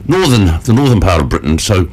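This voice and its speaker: A man with a fairly low voice chats on a morning radio show from the studio. He rambles through his stories with plenty of fillers and the odd chuckle. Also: very animated, a little fast, a little mellow. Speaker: radio presenter. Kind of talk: casual radio chat.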